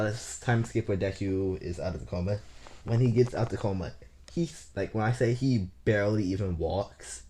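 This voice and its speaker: A man with a deep, dark, mellow voice telling a fan story off the cuff. He rambles, stammers and restarts, dropping curse words casually.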